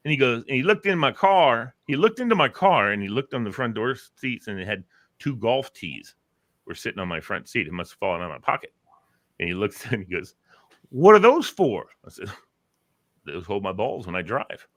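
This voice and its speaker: Male host, lively joke-teller, bright tone, laughs at his own punchlines. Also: medium pitch, brisk. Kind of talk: casual chat.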